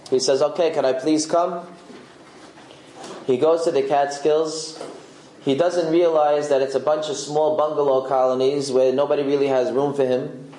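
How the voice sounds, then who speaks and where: A man tells a story in a roomy, echoing space, acting out each character's lines with animation. His voice sits fairly high, with a mellow, soft tone. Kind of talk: oral storytelling.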